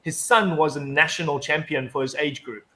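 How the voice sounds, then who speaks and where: A man's voice: fairly high pitch, moderate pace, bright, forceful tone. A man in casual chat, telling a long anecdote full of swearing and restarts. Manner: rambling storyteller, heavy swearing, frequent restarts. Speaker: guest.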